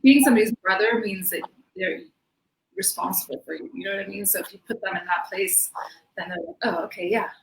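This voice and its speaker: A woman's voice: mid-range voice, fairly quick. Chatty woman in an echoey room. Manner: chatty, many fillers, laughs often. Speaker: interview guest, belly dancer. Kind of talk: casual interview chat. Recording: echoey room with faint noise.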